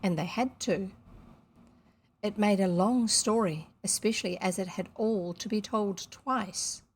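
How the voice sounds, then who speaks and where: A woman reads a classic children's novel aloud to camera, seated indoors. She stops often for chatty, self-deprecating asides, in a voice of middle pitch. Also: a little slow, slightly rough. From New Zealand. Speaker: audiobook reader on video.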